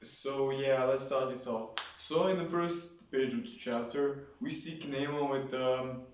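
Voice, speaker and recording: Rambling man reviewing a comic chapter. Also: mid-range voice. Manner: rambling, heavy with fillers. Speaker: manga reviewer. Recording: very echoey room, far from mic.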